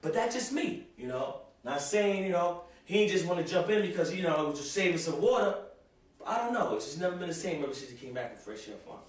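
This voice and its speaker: Rambling comic rant, young man, slightly high voice, heavy room echo. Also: sing-song, quick pace. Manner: rambling, full of "you know", repeats himself. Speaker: host. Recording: very echoey room, far from mic.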